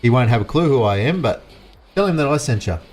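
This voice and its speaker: A man's voice: medium pitch, expressive, fast talker, a little mellow, soft background music. An Australian man giving casual, rambling commentary while livestreaming a farming game and chatting with his viewers. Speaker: livestream gamer. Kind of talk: casual live gameplay commentary.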